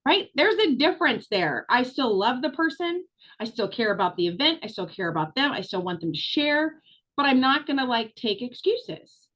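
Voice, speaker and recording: A woman's voice: high voice, sing-song, normal speed, a bit bright, rough recording. Chatty, upbeat woman coaching online. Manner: chatty, encouraging, frank with mild swearing. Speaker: business coach. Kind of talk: live online training talk.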